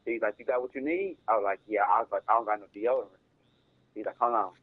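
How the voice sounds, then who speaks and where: A man's voice: fairly low pitch, quick pace, breathy edge, no echo, narrow, tinny audio. A man casually telling a long rambling story, repeating himself and cursing, in slangy talk. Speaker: storyteller streaming a game.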